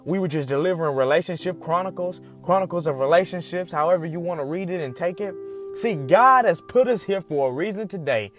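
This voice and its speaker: A man preaching a fervent sermon, repeating his phrases and calling straight out to his listeners. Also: fairly high pitch. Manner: fervent, repetitive preaching with direct appeals.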